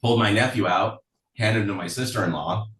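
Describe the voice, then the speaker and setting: A man's voice: on the low side, brisk, a bit bright, reverberant, distant mic, poor audio. A man telling stories from his life in a casual interview, chatty and full of fillers, laughing often. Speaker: songwriter guest.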